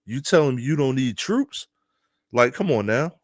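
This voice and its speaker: A man from Philadelphia giving casual, animated opinion commentary to his viewers, laughing often and talking straight to them. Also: mid-range voice, moderate pace, no echo, studio quality. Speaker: news commentary streamer.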